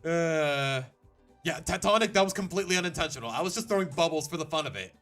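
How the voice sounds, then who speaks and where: A man's voice: fairly high pitch, expressive, very fast, a bit bright, soft background music. Young guy streaming a game, rambly and joking at himself, voice jumps up and down a lot. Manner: chatty, self-mocking, rambling. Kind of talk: casual live-stream commentary.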